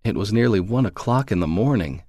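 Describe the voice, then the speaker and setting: Male storyteller, low voice, calm measured reading, dry booth sound. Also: slightly rough, no echo. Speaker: story narrator. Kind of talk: scripted narration of a magazine story.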